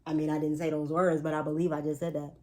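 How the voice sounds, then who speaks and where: An astrology and spiritual reader gives viewers a casual pep talk in a deep, warm voice that barely moves in pitch and runs fast. She's chatty and emphatic, slipping in playful asides.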